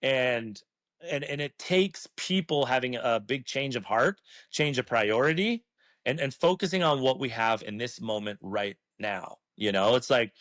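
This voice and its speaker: A man's voice: mid-range voice, a bit bright, no echo. A man talking as an interview guest, earnest and emphatic, swearing freely as he makes his case. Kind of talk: passionate casual talk.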